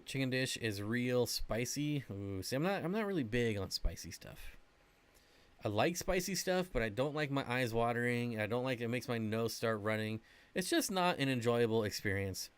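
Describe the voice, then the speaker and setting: A man's voice: medium pitch, lively intonation, normal speed, clear, resonant tone. A man hosting an aquarium livestream, chatting casually and answering viewer questions, rambling with lots of fillers. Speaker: aquarium channel host.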